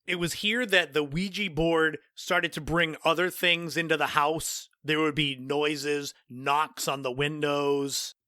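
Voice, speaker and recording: A podcast host in his forties from Cape Cod, Massachusetts, tells a personal story conversationally, dropping offhand asides. His voice is a little high with a sharp tone, captured as clean studio sound with no room ambience.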